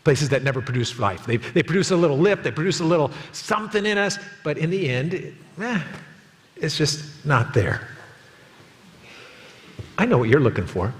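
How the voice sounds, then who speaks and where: A man in his fifties preaching a sermon as pastor, telling a story with lively acted quotes. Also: fairly high pitch, moderate pace, long reverb tail. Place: church auditorium.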